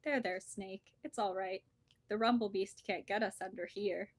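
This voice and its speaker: A calm, sensible vole , read by a woman. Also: medium pitch, moderate pace, dry recording, close to an everyday voice. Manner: calm, matter-of-fact, reasonable.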